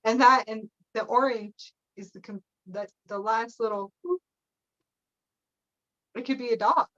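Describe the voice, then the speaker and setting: A woman's voice: on the high side, fairly even intonation, measured pace, fairly bright tone, muffled recording. A woman leading a live spiritual teaching session, meandering through her points, often checking in with "okay?" and breaking into playful laughter.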